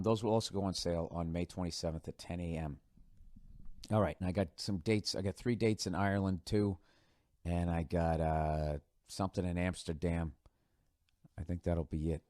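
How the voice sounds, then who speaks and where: A man in his forties with a Boston accent, talking in a loose, rambling podcast monologue. He sounds sarcastic and offhand and swears freely. His voice sits fairly low and is recorded dry and close. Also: darkish tone, no echo. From United States. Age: 40s. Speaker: podcast host.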